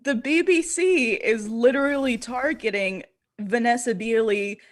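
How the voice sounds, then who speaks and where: A woman's voice: on the high side, a little slow. Woman scoffing through political chat. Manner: dismissive, filler-heavy, says 'like'. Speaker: co-host.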